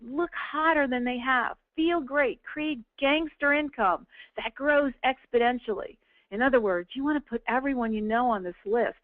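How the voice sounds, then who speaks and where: Brief: upbeat woman team leader, higher voice, dry tinny phone-like sound. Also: dry recording. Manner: upbeat, chatty, coaching tone with frequent "okay?". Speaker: team leader presenting a business tool. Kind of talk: casual webinar walkthrough.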